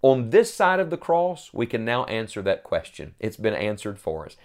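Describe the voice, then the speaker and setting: A man preaching a sermon in an earnest tone, rising to loud cries when he quotes and then dropping back low. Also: sing-song, moderate pace.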